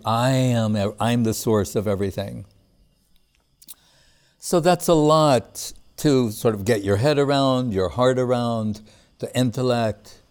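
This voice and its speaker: A man giving a casual spiritual talk. He speaks in a relaxed, conversational way, chuckles often, and recites Sanskrit verses between plain remarks. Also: mid-range voice. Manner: relaxed and conversational, with frequent "like" and "you know". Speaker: spiritual teacher.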